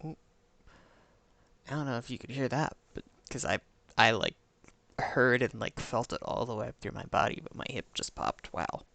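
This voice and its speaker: A man's voice: mid-range voice, moderate pace, gravelly, sharp tone. A man streaming a game live, musing to himself in casual commentary and hunting for the right words.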